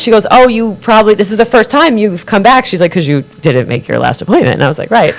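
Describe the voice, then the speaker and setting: A woman guest on a live studio chat tells stories with lively, acted-out dialogue and casual swearing. Her voice sits at a middle pitch, and she speaks in loose, conversational bursts. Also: fast. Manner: animated storyteller, acts out quoted dialogue, swears freely. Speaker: tarot card reader, guest.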